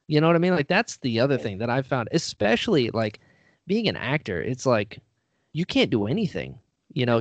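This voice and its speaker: A man's voice: fairly high pitch, dry recording. A man, an actor and writer being interviewed, talking casually and rambling with lots of fillers, a little self-deprecating.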